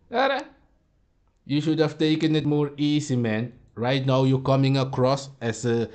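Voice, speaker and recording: A man talks back at clips he is reacting to, confrontational and lecturing. His voice sits in a middle pitch, and he often trips over repeated words as he gets going. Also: darkish tone. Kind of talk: heated commentary.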